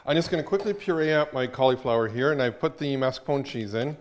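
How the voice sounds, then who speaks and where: A man's voice: medium pitch, quick pace, a little hiss or hum. A man hosting a cooking show from a cottage kitchen, chatting and explaining as he cooks. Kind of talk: casual cooking demo.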